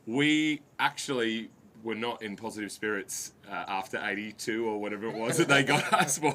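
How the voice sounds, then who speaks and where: A man's voice: on the low side, normal speed, pushed and bright, a little hiss or hum. A man chatting as a guest commentator at a cricket match, rambling and laughing at himself. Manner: chatty, self-deprecating, laughs a lot. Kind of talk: casual chat in a commentary box.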